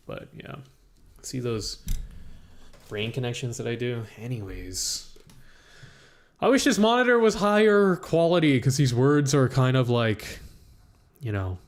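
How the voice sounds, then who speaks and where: A young man streaming live, chatting casually and rambling to himself as he tweaks his mic settings. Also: mid-range voice. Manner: rambling, talks to himself while adjusting audio settings. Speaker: livestreamer. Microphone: studio mic with compressor.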